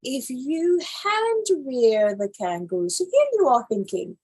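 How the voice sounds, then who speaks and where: A woman hosting a live animal news show, reading stories aloud and reacting to them in casual, animated commentary. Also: fairly high pitch, a little slow, few pauses. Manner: animated, reacts loudly then drops to quiet asides.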